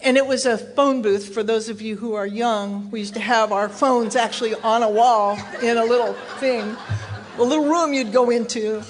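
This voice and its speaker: Woman from Texas, recovery speaker, candid self-mocking storyteller, slightly high voice. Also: fairly even intonation, moderate pace, slight background noise. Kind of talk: personal story told to an audience.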